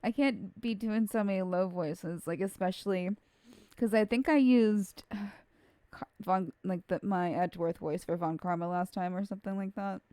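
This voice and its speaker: A woman's voice: medium pitch, normal speed, mellow, dry recording. A woman streaming a video game, chatting in casual, giggly asides. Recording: game music behind.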